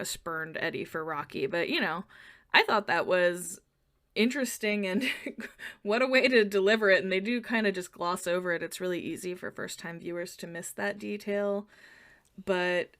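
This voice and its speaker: A woman co-hosting a podcast in casual chat, laughing often as she talks. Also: fairly low pitch. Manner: giggly, animated, laughs often. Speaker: podcast co-host.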